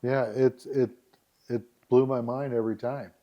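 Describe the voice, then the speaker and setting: A middle-aged man, a guest on a podcast, telling stories in a lively, animated way and acting out scenes as he goes. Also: mid-range voice, normal speed, dull audio. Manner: animated storyteller, acts out scenes. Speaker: dating site founder, guest. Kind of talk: storytelling in a podcast interview.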